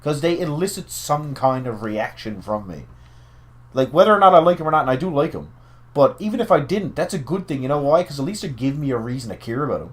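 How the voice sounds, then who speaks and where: A man co-hosting a podcast, talking in an animated, profane way with emphatic asides. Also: medium pitch, fast. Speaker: podcast co-host. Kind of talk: casual wrestling chat.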